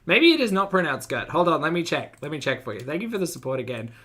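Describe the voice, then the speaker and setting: A man's voice: on the high side, big pitch swings, fast, a bit bright. An Australian man chatting casually on a live stream, playful and joking as he reacts to videos and reads viewer messages.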